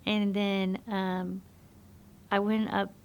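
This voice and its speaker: A woman telling her personal faith testimony in a soft-spoken, halting, reflective way. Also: mid-range voice, little pitch movement, lo-fi sound, slight background noise.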